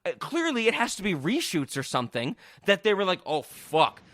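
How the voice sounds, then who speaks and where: An excitable podcast host, a man, tells a story in loose, profane, animated chat. His voice sits high for a man and leaps all over the place in pitch. He laughs and keeps the energy up. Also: fairly quick, no room sound.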